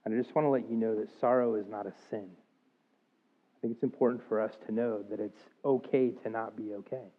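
A man's voice: fairly low pitch, steady tone, a little fast. A man in his thirties preaching a sermon, earnest and confessional, rising to emphatic outbursts. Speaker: pastor. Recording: thin phone-like sound.

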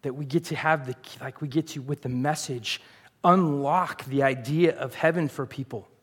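A man's voice: a little high, fairly even intonation, normal speed, fairly bright tone, husky. A middle-aged man, preaching a sermon in a casual, conversational way and putting questions to the congregation. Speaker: pastor.

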